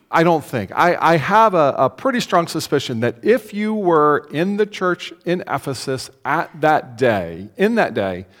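A male pastor preaching a sermon in a conversational way, asking the congregation questions and acting out quotes. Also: fairly high pitch. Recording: long hall reverb.

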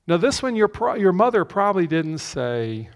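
A man's voice: sits high, big pitch swings, normal speed. A male pastor giving a conversational sermon, repeating key phrases for emphasis, in a church. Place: church with a screen behind him. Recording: long reverb of a large hall.

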